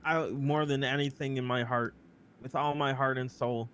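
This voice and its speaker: A man playing a defensive fast-food worker. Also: medium pitch, fairly even intonation, fairly bright tone, a little hiss or hum, lightly acted. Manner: defensive, rambling, swearing. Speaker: employee being questioned.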